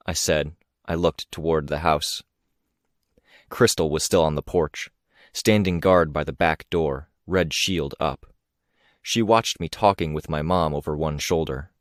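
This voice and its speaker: A man narrating a first-person audiobook in a measured, quiet, subdued way. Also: very deep voice, dry recording, studio quality.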